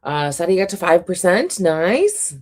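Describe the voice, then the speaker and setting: A woman hosting a casual reading livestream at home, chatty and quick to laugh, her voice a little sore and scratchy. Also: lowish voice, very animated. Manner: chatty, reads out chat comments, laughs often. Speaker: reading sprint livestream host.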